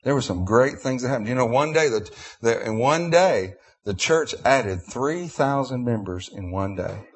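Husky preacher man. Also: mid-range voice, expressive, normal speed. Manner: emotional, preacherly, repetitive with restarts. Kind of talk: sermon.

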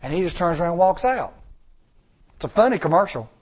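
A male preacher with a slightly high voice delivers an emphatic sermon. He stretches out key words for weight, repeats his lines and calls for responses from the congregation. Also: very animated, brisk. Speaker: pastor.

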